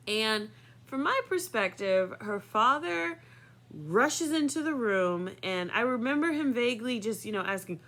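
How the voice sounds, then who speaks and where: A woman's voice: fairly high pitch, animated, unhurried, fairly bright tone. A woman in her thirties telling a personal story in a chatty way, full of fillers, often laughing. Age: 30s.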